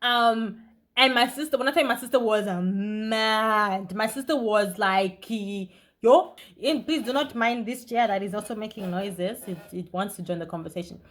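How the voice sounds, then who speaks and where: A young woman vlogger tells a story in a casual, lively way, speaking quickly with sudden bursts of emphasis in a medium-pitched voice.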